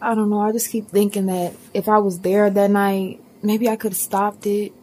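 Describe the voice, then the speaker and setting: A woman's voice: medium pitch, little pitch movement, moderate pace, warm tone, natural voice. A woman voicing a young female college student who speaks in a defensive, irritable way. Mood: sad.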